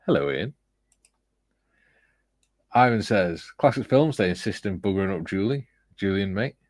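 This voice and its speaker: A man's voice: low voice, lively intonation, normal speed, no echo. A man hosting a casual livestream, reading viewer comments aloud with a chuckle. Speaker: livestream host reading chat. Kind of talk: casual chat.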